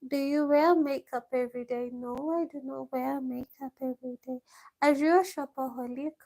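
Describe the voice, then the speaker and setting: High-pitched, slow-talking woman vlogger. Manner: reads questions aloud then answers, laughs often. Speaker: vlogger answering viewer questions. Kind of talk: casual live-stream Q&A. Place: village home.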